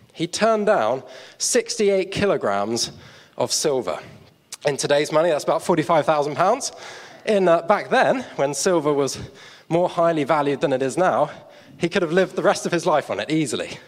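Lively preacher in a reverberant hall. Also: male voice, fairly high pitch, moderate pace. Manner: lively storytelling, chatty asides to the audience. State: out of breath. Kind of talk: sermon with live props. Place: church hall stage.

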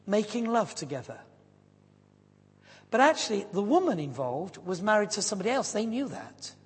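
A woman preaching a sermon, telling stories with lively acted-out voices. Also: mid-range voice, slightly rough. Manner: animated storyteller acting out voices. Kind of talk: sermon storytelling. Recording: long hall reverb.

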